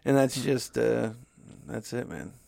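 A man's voice: mid-range voice, animated, a little slow, gravelly, dark tone, no room sound, clean studio sound. A man hosting a podcast in laid-back, offhand casual chat. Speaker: podcast host.

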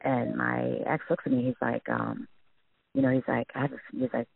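Gravelly man on a tinny phone line. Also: medium pitch, huge pitch swings, no echo. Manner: halting, shaken retelling with many restarts. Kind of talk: emotional personal testimony.

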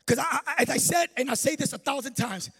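A middle-aged male pastor preaching a lively sermon with sing-song emphasis and jokes, in a church hall. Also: very high-pitched, fast talker.

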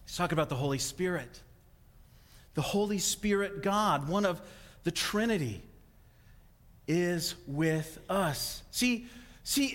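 A man with a high, bright-toned voice preaches to his congregation, rushing ahead when he gets excited. His words ring out with a long hall reverb, as in a church sanctuary. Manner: fast, excitable, animated delivery with acted-out asides. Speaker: pastor. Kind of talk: sermon.

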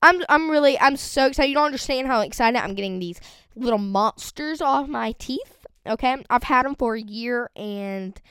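A teenage girl chatting casually on a podcast, rambling and excitable, with a voice that cracks. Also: on the high side, moderate pace, clean tone, no room sound. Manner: rambling and excitable, lots of fillers. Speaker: vlogger.

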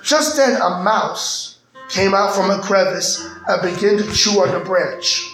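A male pastor preaching a sermon in a church, with dramatic pauses and rising emphasis. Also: high-pitched, reverberant, rough recording. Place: church sanctuary. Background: soft keyboard music.

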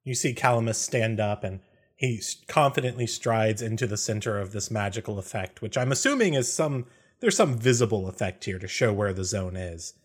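A man's voice: lowish voice, fairly quick. A man narrating a tabletop game as game master, hesitant, with frequent fillers.

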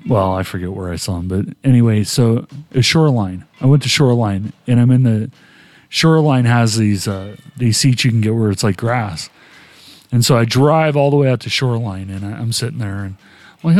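A man's voice: mid-range voice, fairly quick, darkish tone, no echo. Man telling a rambling anecdote. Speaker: podcast host. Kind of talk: casual chat.

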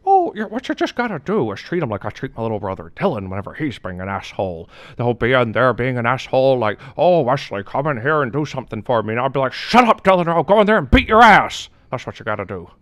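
A man's voice: mid-range voice, sing-song, quick pace, few pauses, fairly bright tone, no echo, clean studio sound, voice pushed down. Man putting on a brash, cocky young guy. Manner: blunt, crude, boastful. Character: brash young man giving blunt advice.

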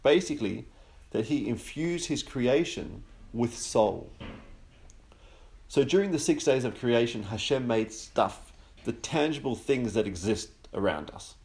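A man hosting a podcast, giving a relaxed religious teaching that slows down on key words and builds through long lists. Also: mid-range voice, vocal fry. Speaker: podcast host teaching on the Sabbath.

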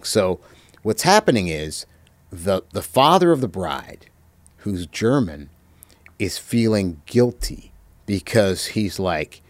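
A man telling stories as an interview guest, reflective and halting, with many pauses and fillers. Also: lowish voice, dry recording. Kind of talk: reminiscing anecdotes.

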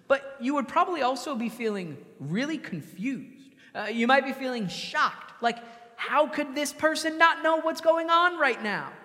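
A man preaches in an easy, conversational way, now and then slipping into the voices of the people he quotes. His voice sits high for a man. It rings out with the long reverb of a big hall. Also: bright, forceful tone. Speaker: pastor. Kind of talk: sermon.

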